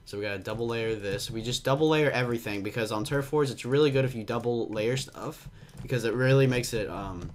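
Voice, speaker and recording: A young man giving excitable, jumpy commentary on a game, with a slight cough and frequent yelps and laughs. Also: mid-range voice, fairly quick. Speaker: gaming commentator. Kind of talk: casual Minecraft gameplay commentary.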